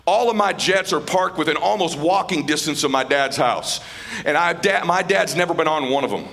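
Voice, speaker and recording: A middle-aged man giving an emotional stage speech as a motivational speaker, casual and slangy, dropping to a hushed voice in tender moments. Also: high voice, expressive, brisk. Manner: casual and slangy, calling people dude and man. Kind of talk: emotional speech to a live audience. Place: stage at a live event.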